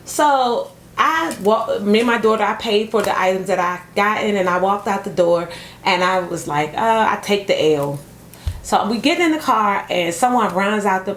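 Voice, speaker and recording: A middle-aged woman chatting casually to camera about thrift finds, telling stories with animated energy and calling her viewers y'all. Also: medium pitch, normal speed. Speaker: thrift vlogger. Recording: echoey room with faint noise.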